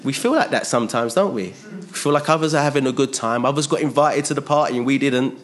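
A man's voice: medium pitch, fast. A man preaching a sermon. He is emphatic, repeats his phrases and asks his listeners rhetorical questions.

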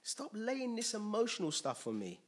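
Animated man preaching a sermon. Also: high-pitched, moderate pace. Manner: animated, call-and-response, rising to emphatic peaks.

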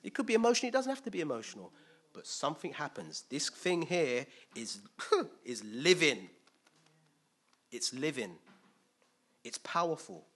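Male preacher, conversational sermon; bright, slightly husky voice with lively pitch swings, restarts and loud punches. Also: moderate pace, long pauses. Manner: animated, swings between loud emphasis and quiet asides; thinks aloud with restarts and acts out quotes.

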